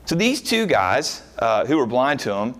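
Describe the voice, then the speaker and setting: Male pastor mid-sermon, lively up-and-down delivery, casual asides and rhetorical questions. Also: medium pitch, a little slow. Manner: animated, rhetorical questions, frequent uh fillers.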